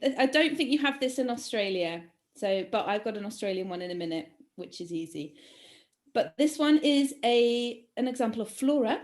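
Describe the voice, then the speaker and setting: A woman's voice: a little high, animated, moderate pace, a little mellow. A woman hosting a podcast quiz, playful and giggly, in casual chat. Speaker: podcast host running a quiz.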